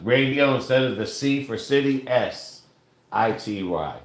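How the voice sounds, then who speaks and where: A man co-hosting a casual home livestream, explaining things slowly with halting fillers while reading out viewer comments. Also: mid-range voice, expressive. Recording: echoey room.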